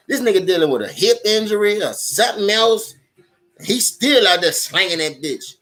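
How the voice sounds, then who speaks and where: A young man with a New Orleans accent hosts a loose football live stream, cursing freely and getting worked up. His voice sits a little higher than most men's. He talks straight to his viewers in a casual, animated rant. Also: moderate pace. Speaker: sports commentary host.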